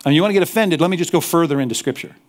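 A male pastor preaching a sermon, animated, slipping into mocking apologetic asides. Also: fairly high pitch, very fast.

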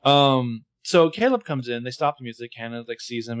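A man's voice: medium pitch, normal speed, smooth, no echo. A man co-hosting a casual podcast, narrating the plot of an episode with wry jokes. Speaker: podcast co-host. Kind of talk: casual recap chat.

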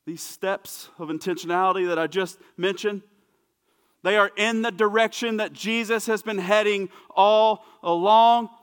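A man preaching a sermon as pastor, emphatic and repetitive, dropping to hushed asides. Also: high voice, fairly even intonation, unhurried, smooth, long reverb tail. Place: church sanctuary.

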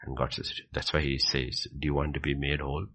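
In a question-and-answer session, a man teaches by preaching emphatically, repeating his key phrases and rising from a low murmur to ringing peaks. His voice is brisk and sharp, with a level tone.

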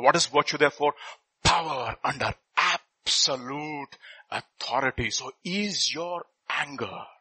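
A man preaching a sermon, reading scripture and swinging from loud bursts to quiet asides. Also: fairly high pitch, husky, poor audio.

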